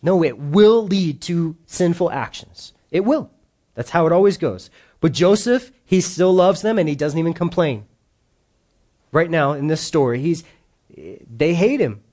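Animated male pastor preaching. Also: a little high, a little slow. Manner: animated, acts out quoted voices. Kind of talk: sermon.

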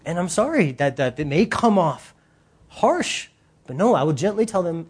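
Animated, emphatic preacher. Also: mid-range voice, normal speed, slightly rough. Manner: emphatic, animated, talks to the congregation. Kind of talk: sermon.

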